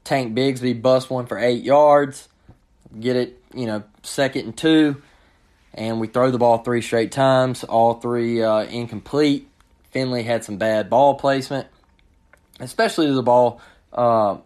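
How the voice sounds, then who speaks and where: A man's voice: mid-range voice, darkish tone. A man hosting his own sports show, giving frustrated, ranting commentary and often repeating himself. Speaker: sports podcast host.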